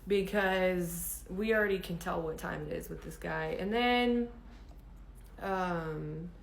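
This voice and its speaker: A woman's voice: on the low side, slow, creaky, a little hiss or hum. A woman frankly telling a dating story to her viewers in a chatty, casual way, laughing often and saying "like" and "um" a lot. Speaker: dating advice vlogger. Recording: roomy echoey room.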